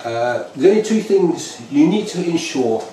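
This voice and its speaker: A man's voice: on the high side, animated, a little slow, warm tone. Chatty British man cooking at home. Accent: British English. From United Kingdom. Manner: chatty, rambling, repeats himself. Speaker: home cook host. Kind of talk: casual cooking demonstration. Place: home kitchen. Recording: echoey kitchen with faint noise.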